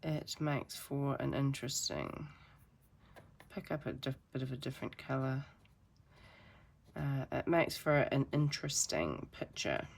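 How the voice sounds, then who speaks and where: A woman's voice: low voice, vocal fry, a little hiss or hum. A woman giving a chatty, rambling painting tutorial with self-deprecating asides. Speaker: art teacher.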